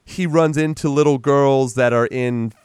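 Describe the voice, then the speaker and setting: A man's voice: medium pitch, unhurried, clean tone, dry recording. Casual man recapping a film. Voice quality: animated retelling, acts out characters in a raised voice, swears. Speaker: podcast co-host. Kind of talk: casual movie recap chat.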